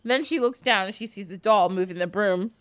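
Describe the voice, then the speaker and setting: An animated woman from the United States retells a folk tale in a casual, chatty way, laughing often and leaning on fillers. Her pitch is typical for a woman. The sound is dry and close. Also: a little fast, dry recording. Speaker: podcast guest, folk practitioner. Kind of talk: casual storytelling.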